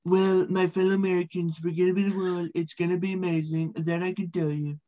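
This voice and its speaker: A man's voice: sits high, flat delivery, fairly quick, warm tone, lightly acted, rough recording. A man putting on a boastful male politician giving a rally speech with bragging, repetitive campaign talk.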